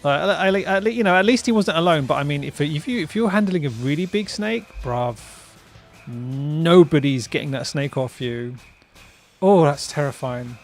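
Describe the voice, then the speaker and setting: Gravelly-voiced man chatting on stream. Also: on the high side, animated, moderate pace, faint music behind. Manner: rambling, laughs often, tags "right?" and "bruv". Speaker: streamer host. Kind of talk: casual stream chat.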